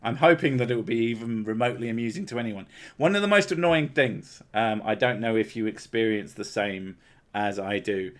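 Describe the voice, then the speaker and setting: A man's voice: on the low side, expressive, a little fast. A man with a southern English accent from the Home Counties, hosting a casual livestream chat, loose, joking and full of swearing. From Home Counties, England. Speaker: streamer host.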